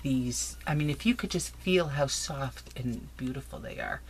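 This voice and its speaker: A woman chatting excitedly through a crafting unboxing, gushing and laughing often in her home craft room. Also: rumbling low, normal speed. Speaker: crafting vlogger. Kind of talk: casual unboxing chat. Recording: noisy home recording.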